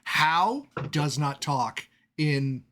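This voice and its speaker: A man runs a tabletop game as game master, his voice bright and a touch high. He narrates in a chatty way, often breaking into laughter. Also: expressive, extremely slow.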